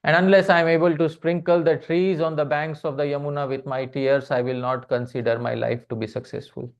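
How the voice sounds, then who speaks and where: Guy giving a devotional verse class, chants slow then explains, keeps saying dear devotees, bit muffled audio. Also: fairly high pitch, steady tone. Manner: keeps addressing the audience as dear devotees, asks them questions. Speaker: speaker giving a scripture class. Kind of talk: devotional lecture on poetry. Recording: slightly muffled recording.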